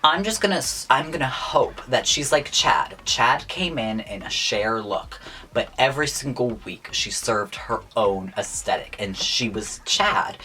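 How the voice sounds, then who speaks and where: A man's voice: mid-range voice, pushed and bright. Chatty young man giving blunt opinions. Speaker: YouTuber reviewing contestants' looks. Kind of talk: casual vlog commentary.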